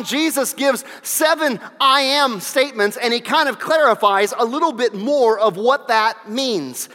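Man preaching, high voice, emphatic and repetitive, long hall reverb. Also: sharp tone. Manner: emphatic preaching with repeated phrases and rhetorical questions. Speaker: pastor. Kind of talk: sermon.

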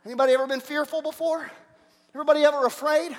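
High-voiced preacher in a big echoing hall. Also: male voice, rapid-fire. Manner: energetic, rhetorical questions, swings between loud and soft. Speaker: pastor. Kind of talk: sermon.

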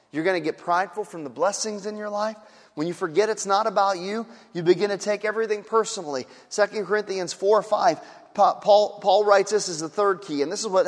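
A man preaching a sermon as pastor, emphatic and repetitive, rising to shouts and dropping low. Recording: hall reverb.

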